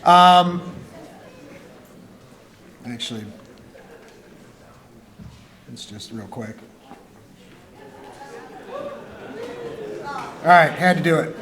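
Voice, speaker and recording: Joking high-voiced male teacher. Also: very slow, long pauses, a crowd in the background. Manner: joking, animated storyteller who acts out dialogue. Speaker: high school teacher giving a talk. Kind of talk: humorous personal story talk. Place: school gym with students in the stands.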